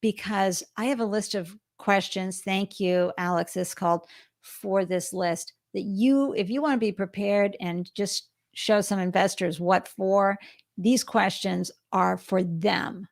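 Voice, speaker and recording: A woman host on a casual interview show, speaking in a gravelly, fry-tinged voice. She chats easily, jumps in with quick reactions and turns to address her listeners directly. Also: medium pitch, fairly even intonation. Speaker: podcast host.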